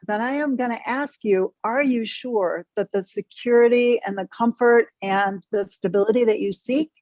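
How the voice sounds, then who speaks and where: Frank energetic woman therapist, dry muffled audio. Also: medium pitch, dry recording. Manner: frank and energetic, mild swearing. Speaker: therapist guest. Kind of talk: podcast interview.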